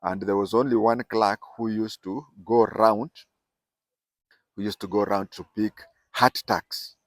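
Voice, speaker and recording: A man's voice: fairly low pitch, fairly even intonation, unhurried, no room sound. Older Kenyan man telling a rambling family story. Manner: digressive, repeats and corrects himself mid-sentence. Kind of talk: casual oral storytelling.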